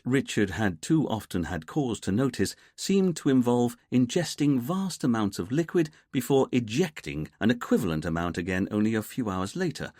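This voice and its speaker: A man narrating an audiobook mystery in a measured, wry way. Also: mid-range voice, darkish tone, no room sound, studio quality. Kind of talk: scripted narration.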